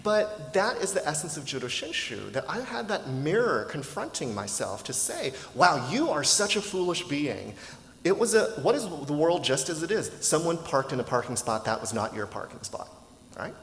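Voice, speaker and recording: Guy giving a sermon, lively pitch, chatty storyteller, big echoey hall. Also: moderate pace. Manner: conversational, animated storyteller, asks rhetorical questions. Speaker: minister giving a dharma talk. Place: temple hall. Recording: roomy hall echo with faint ambience.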